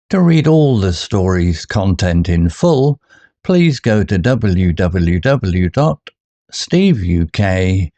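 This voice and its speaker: A man reading a scripted English vocabulary lesson, giving words, definitions and examples in a measured, deliberate way. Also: sits low, mellow.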